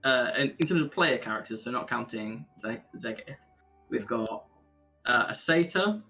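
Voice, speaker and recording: Man, bright voice, animated, casual podcast chat, faint music. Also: mid-range voice, moderate pace, rough recording. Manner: animated, laughs often, tries out accents.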